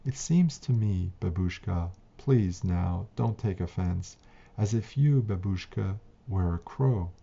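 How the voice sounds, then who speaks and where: Hesitant, apologetic young woman voiced by a male reader, soft-spoken, storybook reading. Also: deep voice, takes it slowly, vocal fry, full character voice. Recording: dull lo-fi recording.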